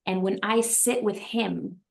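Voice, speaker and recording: A woman's voice: medium pitch, fairly even intonation, slow pace, vocal fry. A woman guest on a podcast, talking in an earnest, reflective way and repeating phrases for emphasis. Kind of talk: heartfelt podcast conversation.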